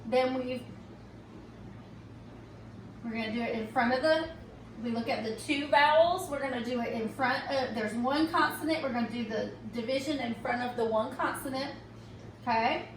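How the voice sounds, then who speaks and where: A woman teacher slowly and patiently walking children through a recorded phonics lesson, often checking in with "okay?". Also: a little high, slight background noise. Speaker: reading teacher. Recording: echoey room, mic at a distance.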